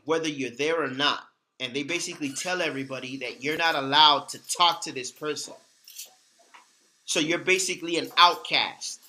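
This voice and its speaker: Earnest man with a bright, high voice. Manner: earnest, emphatic, repeats words for stress. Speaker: host. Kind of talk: casual talk about his past.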